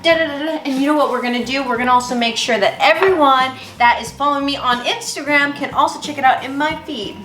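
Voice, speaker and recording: A woman's voice: high-pitched, quick pace, hardly any pauses, fairly bright tone. A woman hosting a casual cooking vlog from her home kitchen, bubbly and joking, swearing casually as she goes. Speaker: host. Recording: echoey kitchen with music.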